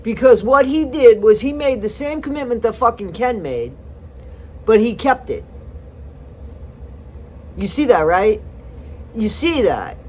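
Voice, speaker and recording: A woman's voice: a little high, lively intonation, measured pace, long pauses, dark tone, slightly rough. Woman rambling through casual commentary. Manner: chatty, rambling, sarcastic asides. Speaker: commentary vlogger.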